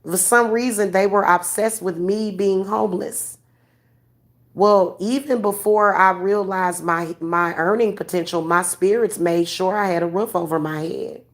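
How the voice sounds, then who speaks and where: A woman's voice: mid-range voice, unhurried. A woman who gives spiritual readings, ranting to her viewers in a blunt, profane, preachy way. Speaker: vlogger giving spiritual readings.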